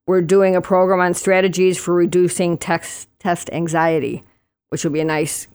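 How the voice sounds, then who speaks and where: A woman's voice: lowish voice, level tone, moderate pace, darkish tone, clear, resonant tone. A woman on library staff, chatting casually on a podcast as she lists upcoming events in a matter-of-fact way. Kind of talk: casual chat announcing events.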